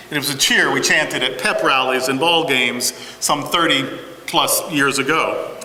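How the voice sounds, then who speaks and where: A man's voice: fairly high pitch, sharp tone, a little hiss or hum. A man in his forties preaching a sermon as pastor, with humorous, self-deprecating asides. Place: large church sanctuary. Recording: echoey church hall with congregation.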